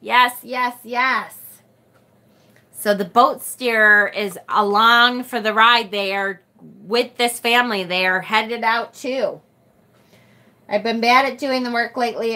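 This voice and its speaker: A middle-aged woman with a Rochester, New York accent hosts a relaxed tarot livestream from home. Her voice is bright and sits a little high. She chats freely, laughs often and trails off mid-thought before picking the thread back up. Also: measured pace. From United States. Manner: chatty and bubbly, laughs often, trails off and restarts. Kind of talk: casual live-stream chat, reading viewer comments.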